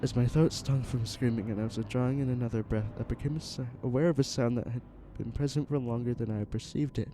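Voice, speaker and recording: A man narrating a first-person horror story in an earnest, halting way, with small restarts. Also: medium pitch, steady tone, warm tone, slight background noise. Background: music.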